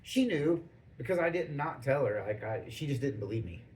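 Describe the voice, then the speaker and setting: A man hosting a podcast, telling stories in a rambling, animated way full of restarts and acted-out quotes. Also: mid-range voice, moderate pace, slight background noise, rough recording. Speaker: podcast host. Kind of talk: casual storytelling chat.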